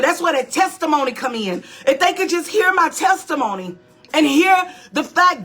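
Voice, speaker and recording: A woman pastor delivers a motivational talk in a preaching style. Her voice sits high and rings bright. She hammers phrases through repetition and calls out to listeners as she goes. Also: animated, normal speed. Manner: emphatic and repetitive, calling out to listeners.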